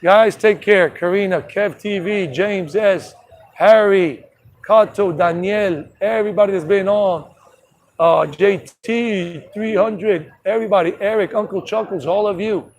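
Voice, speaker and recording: Man, travel vlogger, high voice, rambling, chatty, live stream outside, phone mic, faint street noise. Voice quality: rambling, restarts often. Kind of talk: casual live-stream chat.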